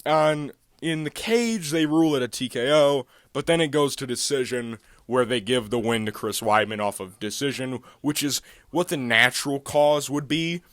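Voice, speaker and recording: A man's voice: mid-range voice, normal speed, hardly any pauses, a bit bright, no room sound, clean studio sound. A man hosting a casual fight recap monologue, talking in a heated, profane, ranting way. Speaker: MMA recap channel host.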